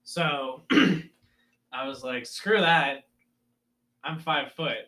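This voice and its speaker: A man's voice: medium pitch, drawn-out words. A young man casually telling a story from his school sports days and acting out his coaches' lines. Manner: animated storyteller, acts out coaches yelling.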